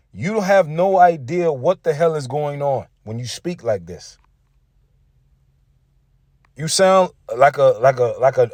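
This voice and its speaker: A man's voice: mid-range voice, a little mellow, no echo. A man preaching combatively, reading scripture aloud and mocking rival preachers. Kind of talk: street-preacher sermon video.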